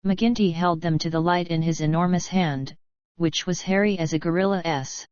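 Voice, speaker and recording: A woman narrating an audiobook in a measured, even reading in a dull lo-fi recording. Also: lowish voice, smooth, no echo. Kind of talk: scripted narration.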